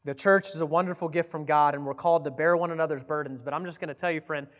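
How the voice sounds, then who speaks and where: A man with a fairly high voice preaches a sermon in an earnest, steady way that builds to emphatic appeals. His voice rings out with a long reverb trailing behind it, as in a large church sanctuary. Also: quick pace. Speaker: pastor.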